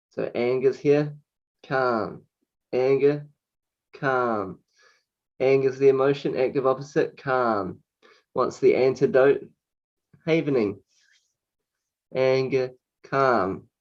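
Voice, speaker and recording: Male coach, guided exercise, unhurried repetitive delivery, mid pitch, muffled audio. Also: darkish tone. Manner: slow, repetitive chanting of single words.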